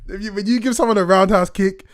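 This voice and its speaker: A chatty man, relaxed and quick to laugh, swears freely in casual podcast banter. His voice is slightly high, and the sound is close and dry. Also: smooth, dry recording. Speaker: podcast co-host. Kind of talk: casual chat.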